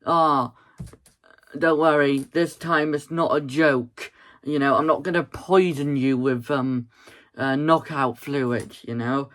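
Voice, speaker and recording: A man's voice: on the high side, slow pace, fairly bright tone. A man doing a creepy coaxing killer. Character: creepy male killer taunting his captive.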